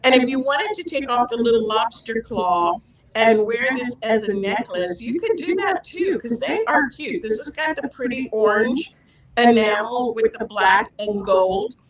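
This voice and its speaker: Gushing female shop host demoing products, slightly high voice. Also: expressive, unhurried, crowd noise, low-quality recording. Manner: chatty, gushing. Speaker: fabric store host. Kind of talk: live product demo.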